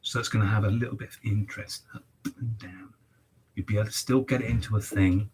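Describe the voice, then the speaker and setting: A man's voice: lowish voice, fairly even intonation, fast talker, a little mellow, husky. A man, a barber chatting on a livestream while cutting hair, swearing a lot and ranting in mock outrage.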